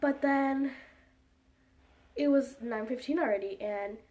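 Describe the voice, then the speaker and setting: Rambling young woman vlogger, somewhat high voice. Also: slow pace, darkish tone, recorded from a distance. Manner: rambling, heavy use of "like" and fillers. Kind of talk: casual storytime.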